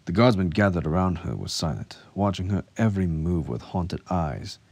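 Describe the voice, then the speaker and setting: A man narrating a dark fiction audiobook in an even, measured storytelling voice. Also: deep voice, no room sound. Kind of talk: dramatic fiction reading.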